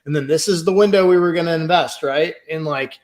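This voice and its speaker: A man's voice: on the high side, brisk. A man co-hosting a casual podcast, ranting heatedly and swearing. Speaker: podcast co-host.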